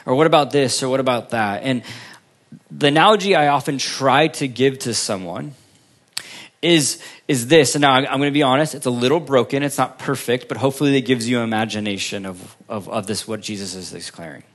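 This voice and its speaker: A pastor preaching to his congregation at a mid-range pitch, posing questions and answering them himself. He swings from lifted, emphatic phrases down to soft, trailing endings, with unhurried pauses between thoughts. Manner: preaching with strong rises and falls, long pauses, drops to near quiet at line ends. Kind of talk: sermon.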